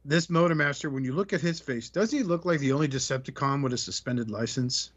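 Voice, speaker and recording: A man's voice: medium pitch, fast talker. A man co-hosting a podcast in casual chat, joking around and swearing freely. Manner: crude, joking, profane. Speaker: podcast co-host. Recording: dull lo-fi audio.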